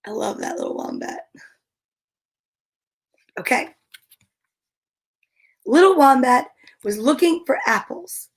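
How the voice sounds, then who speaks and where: Slow, high-voiced woman reading to children. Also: lively intonation, husky. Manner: gentle and encouraging, asking the children questions and counting along. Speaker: children's story reader. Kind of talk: reading picture books aloud to children.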